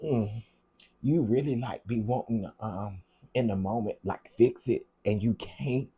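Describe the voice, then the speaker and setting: Dark husky male livestreamer, chatty. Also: fairly low pitch, a little slow. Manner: chatty, greets viewers by name, repeats himself; heartfelt, on the edge of tears at times. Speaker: livestream host reading viewer comments. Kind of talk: casual livestream chat.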